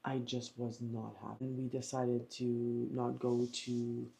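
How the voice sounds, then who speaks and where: A woman's voice: very deep voice, little pitch movement, unhurried, gravelly, dark tone. A woman vlogger chatting casually at home, rambling through a story with lots of fillers. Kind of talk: casual vlog chat.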